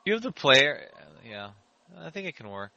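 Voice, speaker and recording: A man's voice: mid-range voice, big pitch swings, normal speed, pushed and bright, dull audio, slight background noise. A man hosting a casual live-stream chat, dry and teasing. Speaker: host. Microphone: online audio chat.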